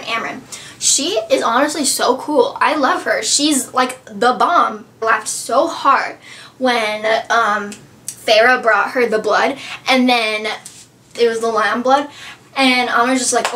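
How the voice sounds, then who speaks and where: A woman's voice: sits high, a bit bright, low-quality recording. A woman gushing about a book she loved in a casual, rambling review, full of "like" and asides.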